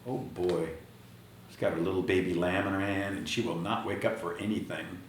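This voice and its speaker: A man reading a picture book aloud to children, speaking to them directly in an animated way. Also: low-pitched, quick pace, slight background noise. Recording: echoey room.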